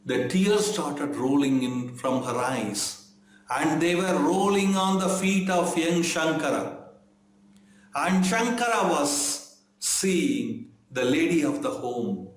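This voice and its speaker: A man telling a devotional story, earnest and emotional, pausing and restarting his sentences. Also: a little high. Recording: roomy echo.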